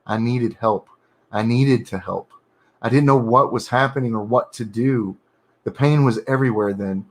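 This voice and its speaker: Man reading his own horror draft. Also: mid-range voice. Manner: reads in halting bursts, pausing to correct and comment on his wording. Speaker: writer streaming his editing.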